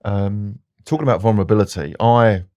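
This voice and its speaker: A man's voice: lowish voice, a little fast, dark tone, no room sound, lo-fi sound. A British man, a podcast guest speaking earnestly and openly in conversation. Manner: earnest and open. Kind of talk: candid conversation.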